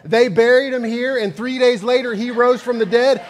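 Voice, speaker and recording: A man's voice: extremely high pitch, steady tone, moderate pace, big-room sound, voice pushed up. A man voicing a stern husband in a joke, speaking emphatically.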